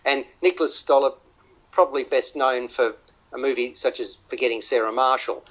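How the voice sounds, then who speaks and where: A man's voice: medium pitch, fairly even intonation, normal speed, a bit bright. A man hosting a radio film review panel, often restarting and repeating words as he talks. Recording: dull lo-fi radio audio.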